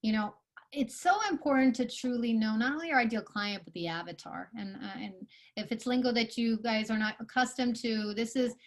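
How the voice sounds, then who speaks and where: A woman's voice: fairly high pitch, fairly quick. A woman giving a live online workshop talk to founders, earnest and coaching, with many fillers and restarts. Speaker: conference speaker.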